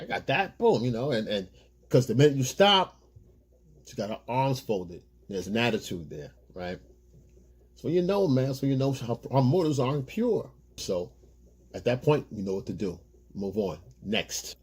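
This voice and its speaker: A man's voice: medium pitch, darkish tone, breathy edge. A man, a relationship coach, talking to other men in a loose, rambling way and often addressing them as "guys". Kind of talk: casual advice monologue.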